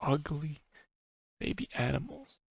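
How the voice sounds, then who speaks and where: This streamer has a fairly high, sing-song voice with vocal fry and a slightly rough edge, and he speaks unhurriedly. He rambles, curses and laughs often, recorded on a dry, slightly muffled mic.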